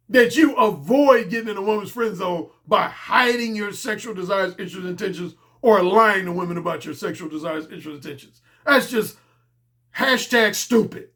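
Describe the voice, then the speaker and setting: A man's voice: high voice, moderate pace, fairly bright tone. A man speaking as a dating coach in a blunt, casual monologue, emphatic and profane, often repeating his key points.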